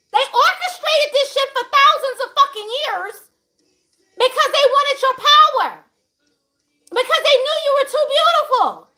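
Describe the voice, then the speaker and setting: A woman's voice: very high-pitched, pushed and bright. A woman hosting a livestream talk to viewers, emphatic and profane, laughing often as she preaches. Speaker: spiritual channel host.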